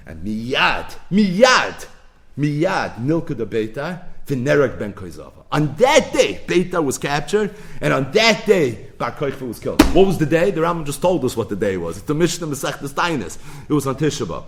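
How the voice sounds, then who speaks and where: A man's voice: on the high side, big pitch swings, moderate pace. A man teaching a Talmud lesson, retelling the story dramatically and building to emphatic peaks. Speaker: Talmud lecturer.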